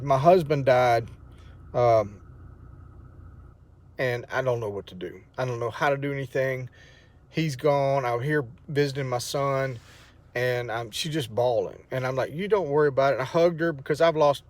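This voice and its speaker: A man's voice: medium pitch, no echo. A middle-aged man, telling a personal testimony in a rambling, emotional way with many restarts. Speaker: vlogger sharing a testimony. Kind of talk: casual spoken testimony.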